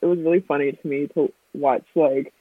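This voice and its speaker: A woman's voice: low voice, fairly even intonation, a little fast, breathy edge, no room sound. A woman chatting casually about a movie on a podcast, giggling and gushing with many fillers. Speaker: podcast co-host. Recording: tinny phone-like sound.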